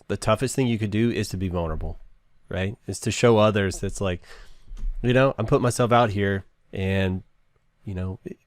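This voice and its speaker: A man with a fairly low voice hosts a podcast conversation. He reflects slowly, fills the gaps with "um" and "right?", and sounds dry and close to the mic. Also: no echo. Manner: thoughtful, many fillers and "right?". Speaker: podcast host.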